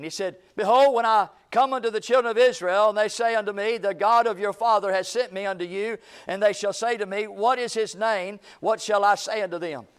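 A man preaching a sermon to a church congregation, reading scripture aloud with dramatic pauses and swinging between loud declarations and hushed lines. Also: high voice, smooth. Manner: reads scripture aloud in a slow, deliberate cadence. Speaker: pastor. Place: church sanctuary.

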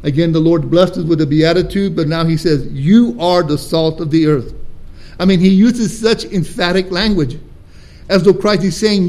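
A pastor preaching a sermon with emphatic, deliberate stresses and rhetorical questions to his congregation in church. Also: high voice, darkish tone.

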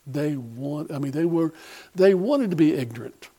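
A man's voice: on the high side, animated, normal speed, mellow, husky. A man preaching a sermon in a folksy, rambling way with many fillers and restarts.

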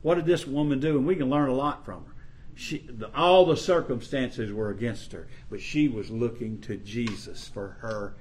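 A man's voice: medium pitch, a little hiss or hum. A man preaching a sermon, reading scripture and explaining it in an earnest way that rises for emphasis. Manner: slow, earnest, rising to emphasis on scripture quotes.

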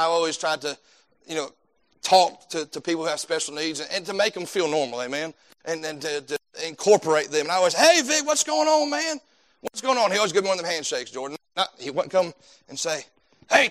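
Bright-voiced fervent male preacher. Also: on the high side, quick pace. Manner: fervent, repeats words while building points. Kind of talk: sermon.

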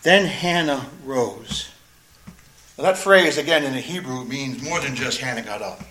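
A man's voice: medium pitch, animated, brisk, pushed and bright, reverberant, a little hiss or hum, low-quality recording. A man preaching a sermon, reading scripture aloud and explaining it, earnest and emphatic, repeating phrases for stress. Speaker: pastor.

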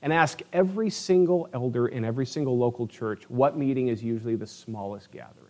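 A man's voice: medium pitch, brisk, dark tone. A man pastor preaching a sermon in a church, earnest and conversational, with frequent restarts. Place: church sanctuary.

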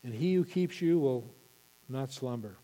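A male pastor preaching an impassioned sermon, building to loud emphatic peaks. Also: medium pitch, expressive, a little slow, big-room sound.

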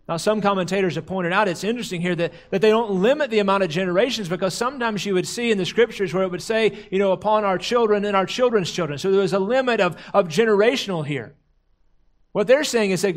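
Man, pastor, sermon, higher voice, slow dramatic emphasis. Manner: slows and drops low for emphasis, quotes crowd cries dramatically.

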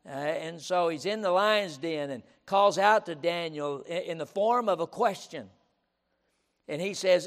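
In an echoing auditorium, a pastor delivers his sermon at a measured pace in a high-pitched, expressive voice. He hammers his points home emphatically, says them again, and often interjects "listen."

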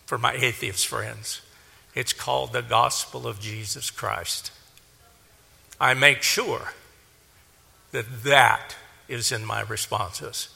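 A man preaching a sermon, earnest, swelling to emphatic peaks and then dropping low. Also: creaky, bright, forceful tone. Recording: long hall reverb.

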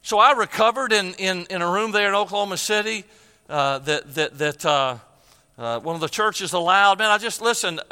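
A man's voice: high-pitched, normal speed, pushed and bright, clear, resonant tone, in a large hall. An older man preaching a sermon, telling a personal story with emotion and repeated phrases.

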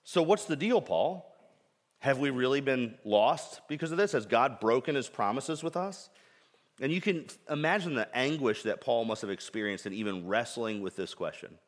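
Male pastor mid-sermon, earnest and emphatic, mid-pitched, long reverb from a big hall. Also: normal speed. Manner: earnest, emphatic, rhetorical questions.

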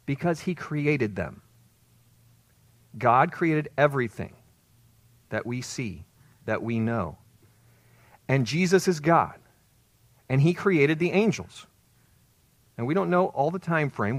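A man's voice: medium pitch, dry recording. A man preaching a sermon as pastor, explaining and retelling a story with emphatic swells on key words.

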